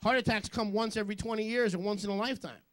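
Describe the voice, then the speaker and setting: A man preaching a sermon as a rabbi, joking with quick asides and questioning the congregation. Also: sits high, fairly even intonation, a bit bright. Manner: jokey, rapid asides, call-and-response questions.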